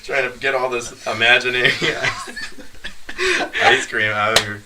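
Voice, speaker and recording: A man's voice: mid-range voice, fairly even intonation, normal speed, heavy background noise. A young man casually telling a funny story, laughing often as he goes. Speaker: podcast guest storyteller. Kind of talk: casual chat.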